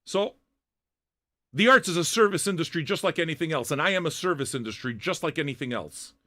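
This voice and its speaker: An older man hosting a music-reaction livestream, ranting at chat viewers in loud, profane, half-shouted tirades. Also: on the high side, lively intonation, brisk.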